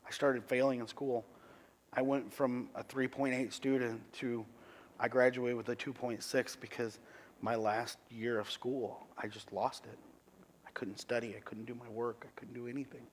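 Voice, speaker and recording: A middle-aged man, a pastor, giving a sermon testimony in an earnest, halting way with many restarts. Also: medium pitch, flat delivery, slight background noise.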